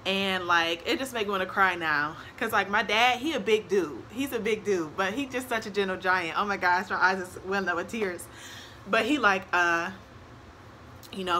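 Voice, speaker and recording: Young woman, casual storytime, bright and lively, acts out quotes, faint hiss. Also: mid-range voice, moderate pace. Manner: animated, acts out quotes, laughs often. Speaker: vlogger.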